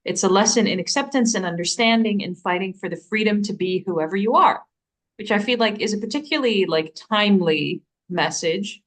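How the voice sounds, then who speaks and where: A young woman chats easily as a co-host, with a voice of ordinary middle pitch. She is relaxed and quick to laugh, and sometimes reads a book recommendation aloud. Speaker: bookstore staff co-host. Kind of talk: casual chat.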